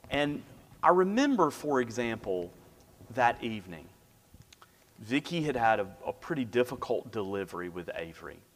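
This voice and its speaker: Pastor, male, storytelling sermon voice that falls to a near whisper at tender points, big reverberant sanctuary. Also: on the low side. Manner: storytelling, drops to a hush for quiet moments. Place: church sanctuary. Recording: long hall reverb.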